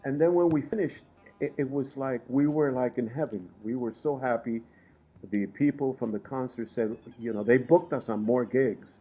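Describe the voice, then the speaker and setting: Husky-voiced man telling lively stories. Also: medium pitch, normal speed, highs cut off. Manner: lively, laughs often while telling stories. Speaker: guest musician. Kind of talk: animated storytelling in conversation.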